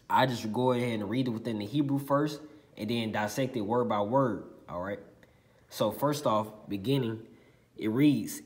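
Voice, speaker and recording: A man giving an informal Bible lesson who keeps checking in with "okay?" and "all right?" and often restarts his sentences. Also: fairly low pitch. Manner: halting, with repeated restarts. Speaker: scripture teacher.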